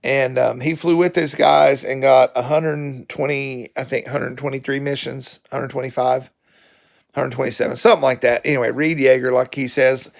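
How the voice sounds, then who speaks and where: A man's voice: mid-range voice, steady tone, normal speed, gravelly. A man with a Southern accent giving a rambling, folksy book review vlog, full of fillers and self-corrections. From southern United States.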